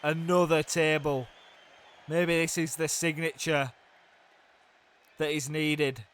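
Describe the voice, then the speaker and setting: A young man giving excitable play-by-play commentary on a wrestling video game, swinging from hushed groans to loud shouts. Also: fairly high pitch, takes it slowly, clear, resonant tone.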